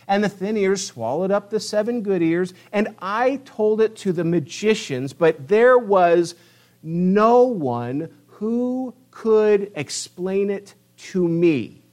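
A middle-aged man preaching a sermon, lively and emphatic, reading scripture and pressing home his points. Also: high-pitched, takes it slowly. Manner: animated preaching, rising to emphatic peaks. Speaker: pastor.

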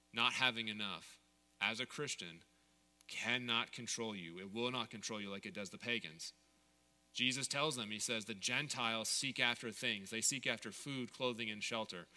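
A man's voice: fairly low pitch, pushed and bright, long reverb tail. A man in his thirties preaching a sermon as pastor, candid and conversational, sharing personal stories.

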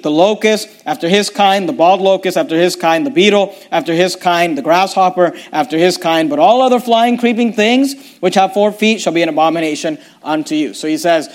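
A man preaching a Bible lesson, reading verses aloud and explaining them, often stumbling and restarting. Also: sits high. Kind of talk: bible teaching sermon.

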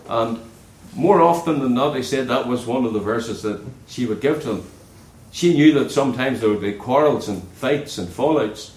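A man preaching a sermon in an earnest way, dropping low and soft on key words. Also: expressive, normal speed, few pauses, roomy sound, poor audio.

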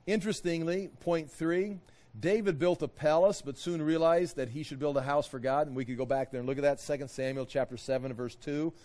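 A man with a fairly high voice leads a Bible study. He retells scripture in a relaxed, folksy way with everyday asides, and often pauses to unpack the meaning of individual Hebrew words. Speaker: Bible teacher.

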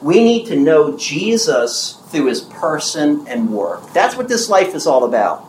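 A man in his sixties preaching a sermon with emphasis, asking the audience questions and repeating key phrases slowly. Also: on the high side, sing-song, a little mellow, echoey room, a little hiss or hum, poor audio. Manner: asks the audience questions and answers them.

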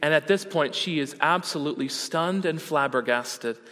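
Pastor, male, earnest sermon delivery, rhetorical questions, slightly raised pitch. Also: moderate pace, sharp tone. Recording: long hall reverb.

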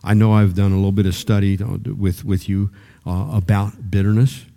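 Older male preacher, mellow and relaxed tone; chatty sermon delivery with stumbling restarts, builds to loud high-pitched emphasis. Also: moderate pace, creaky. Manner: repeats words when starting sentences.

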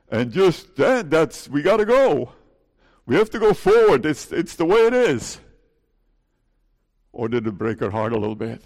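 A man's voice: medium pitch, creaky, a little mellow, in a large hall. A male pastor preaching an earnest sermon, pleading and putting questions to his congregation. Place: church.

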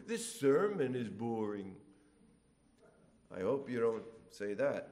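A middle-aged man preaching a sermon, animated, acting out complainers in whiny voices. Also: mid-range voice, takes it slowly.

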